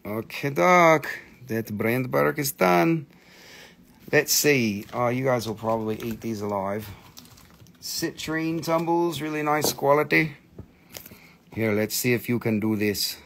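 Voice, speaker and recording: Man, gravelly voice, chatty live-stream seller, excitable, crude jokes, non-native phrasing. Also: mid-range voice, takes it slowly, a little hiss or hum. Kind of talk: casual live sales chat.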